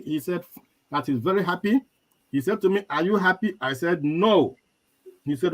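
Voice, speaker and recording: A man's voice: fairly high pitch, moderate pace, rough recording. A young man with a Nigerian accent, a guest telling a life story with quoted dialogue in a live chat. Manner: animated storyteller, quotes others.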